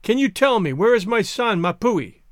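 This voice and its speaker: A man's voice: high-pitched, sing-song, moderate pace, no room sound, clean studio sound, pitched above the performer's own voice. A man voicing an elderly mother returned from the sea, speaking in a weary, plaintive tone in a storybook reading. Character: frightened old woman ghost-mother, plaintive.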